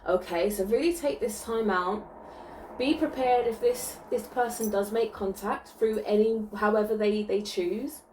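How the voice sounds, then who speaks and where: A woman's voice: medium pitch, unhurried, darkish tone. A woman giving a spiritual card reading in a soothing tone, often checking in with listeners by asking "okay?". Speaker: spiritual reader. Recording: roomy, distant mic, faint background hum.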